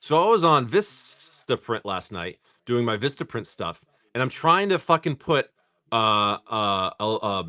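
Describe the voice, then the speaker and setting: A man hosting a live stream, rambling casually, swearing freely, and reading off card names in quick lists. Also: medium pitch, pushed and bright, no echo. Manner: rambling, swears freely, laughs often at chat. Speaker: live-stream host opening card packs.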